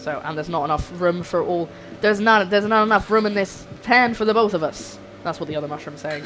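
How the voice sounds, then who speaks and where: A young woman chatting to her viewers while cooking on a livestream in her home kitchen, excitable and a little flustered. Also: on the low side, a little fast, a little hiss or hum, poor audio. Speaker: streamer. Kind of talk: casual cooking livestream chat.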